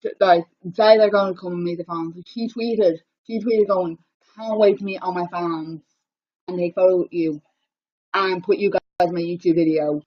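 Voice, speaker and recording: Excitable woman, lo-fi stream. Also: on the low side, moderate pace. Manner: breathless, repetitive, excitable retelling. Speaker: livestreamer. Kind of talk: rambling live-stream storytelling. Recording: dull lo-fi livestream audio.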